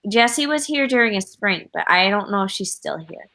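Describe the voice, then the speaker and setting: A woman's voice: mid-range voice, expressive, brisk, bright, forceful tone, poor audio. A woman hosting a writing livestream, chatting casually over a video call, giggling often and rambling with lots of fillers. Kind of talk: casual chat.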